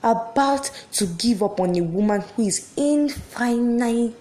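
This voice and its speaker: Brief: actress as a jilted wife fighting a divorce, manic and sarcastic, higher voice, slow deliberate delivery, echoey room. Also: female voice, lively intonation, mellow. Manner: swings between giddy laughter and bitter sarcasm. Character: heartbroken wife refusing a divorce, manic, laughing through tears. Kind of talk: dramatic monologue.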